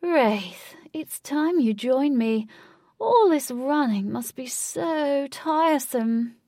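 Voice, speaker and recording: A woman voicing a creepy male villain who coaxes in slow, drawn-out words in a storybook reading. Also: sits high, animated, warm tone, no room sound, clean studio sound, pitched above the performer's own voice, heavily acted. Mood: menacing.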